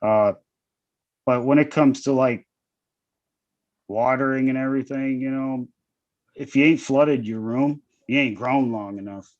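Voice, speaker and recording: A man's voice: mid-range voice, unhurried, pauses often, darkish tone, no room sound. A man hosting a casual group chat about growing, laid-back and rambling, with frequent laughs. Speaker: host. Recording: dull lo-fi sound.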